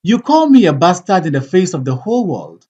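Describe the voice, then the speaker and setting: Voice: mid-range voice, very animated, brisk, dark tone, husky, highs cut off. A reader voicing a proud, hot-tempered king who demands the truth, in a commanding, indignant way, in a play read aloud. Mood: angry. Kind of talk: audiobook play reading.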